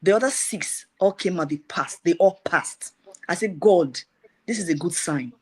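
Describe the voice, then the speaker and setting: A middle-aged woman giving a personal testimony, retelling events in a lively way with repeated phrases. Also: on the low side, moderate pace, breathy edge.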